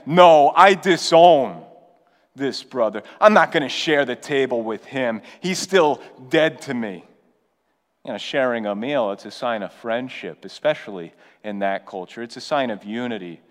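A pastor preaching a sermon in an earnest, conversational way with urgent appeals. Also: male voice, medium pitch, long reverb tail. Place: church.

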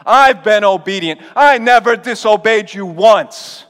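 A preacher acting out a resentful, self-righteous elder brother who complains indignantly. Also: male voice, high voice, a little slow, fairly bright tone, clean tone, big-room sound, pitched above the performer's own voice.

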